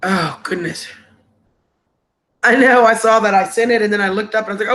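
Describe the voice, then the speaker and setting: A woman's voice: mid-range voice, normal speed, a bit bright. A woman hosting a casual live stream, congested and sniffly with a cough, greeting viewers with endearments over a laptop microphone.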